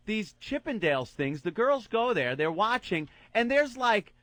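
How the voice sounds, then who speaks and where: A man co-hosting a radio show in casual chat, telling a crude story in an animated way and acting out the quotes, on a studio microphone. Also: high voice, measured pace, no room sound.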